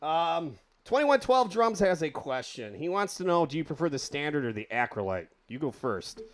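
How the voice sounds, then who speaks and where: A man's voice: fairly high pitch, big pitch swings, moderate pace. A man hosting a live drum chat, rambling eagerly and stumbling over his words like a fan. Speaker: host. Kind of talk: casual chat, live stream.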